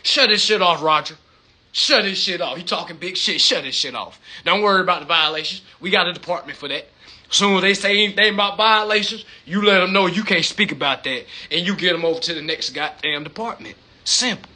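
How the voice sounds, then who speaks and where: Man playing a ruthless bank boss, profane and mocking, high swinging voice, bright and husky. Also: brisk, full character voice. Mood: bossy.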